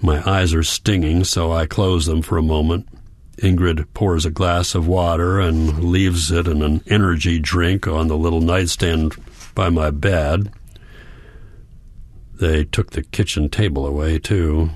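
Man, very deep voice, calm measured audiobook narration, dry close sound. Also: no room sound. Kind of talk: audiobook narration, first person.

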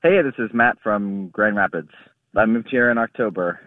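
Deep-voiced man calling in on a phone line. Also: normal speed, no echo. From Ohio, US. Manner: storytelling with quoted dialogue. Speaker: caller. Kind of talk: telling a story on the phone.

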